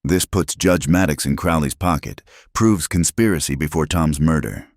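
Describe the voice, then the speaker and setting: A man's voice: rumbling low, moderate pace, no room sound, studio quality. A man voicing a brooding, determined cowboy who speaks evenly. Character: battered, brooding male cowboy, steady and determined.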